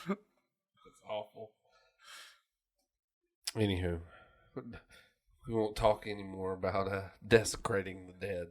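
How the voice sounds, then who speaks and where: A man's voice: fairly low pitch, wildly swooping pitch, slow, pauses often, a bit bright. A man co-hosting a podcast, telling stories in a profane, rambling way. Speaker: podcast co-host. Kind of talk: casual chat.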